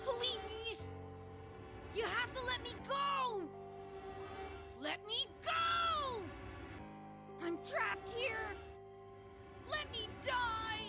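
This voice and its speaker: A man's voice: very high-pitched, animated, drawn-out words, pauses often, full character voice. A frantic, desperate boy in a game. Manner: shouting, pleading, frantic. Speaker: game character. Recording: voice from game audio over music.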